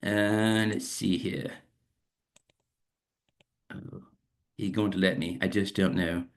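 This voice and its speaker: A jaunty weather presenter in an unconvincing mock Australian accent, put on by a man. The voice sits somewhat higher than his usual low tone, and the imitation slips and wobbles. He rambles easily through a casual forecast. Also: slow. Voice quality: self-admittedly weak, uneven accent imitation. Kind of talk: informal weather forecast commentary.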